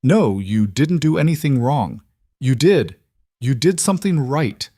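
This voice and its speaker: A man voicing a reserved male mafia boss who speaks quietly and in clipped lines. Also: medium pitch, animated, measured pace, no echo, clean studio sound, pitched above the performer's own voice. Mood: dry.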